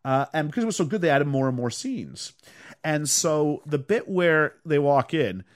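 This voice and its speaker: A man's voice: a little high, moderate pace, dry recording, clean studio sound. A man hosting a casual podcast chat, retelling film scenes and acting out lines and humming tunes. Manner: animated storyteller, acts out lines and hums tunes. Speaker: podcast host.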